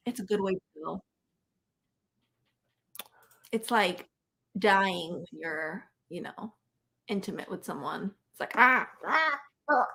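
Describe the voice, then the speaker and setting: A woman's voice: fairly low pitch, slow pace, creaky, long pauses, a bit bright, husky. A woman chatting casually as co-host, playful and teasing. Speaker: co-host, partner. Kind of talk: casual chat.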